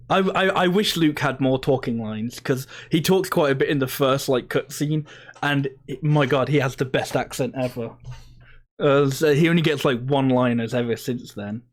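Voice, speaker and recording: A man's voice: medium pitch, normal speed. Swearing, laughing man streaming a game. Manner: swears freely, laughs, reads game dialogue aloud. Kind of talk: casual game playthrough commentary.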